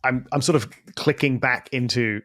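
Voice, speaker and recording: A man co-hosting a podcast, telling a story in a casual, animated, self-deprecating way. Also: medium pitch, normal speed, dry recording, studio quality. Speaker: podcast co-host.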